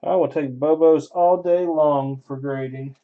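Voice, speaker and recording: A man's voice: a little high, steady tone, unhurried, phone-quality sound. A man hosting a card break, giving offhand running commentary and thinking aloud as he opens packs. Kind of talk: casual card-opening commentary.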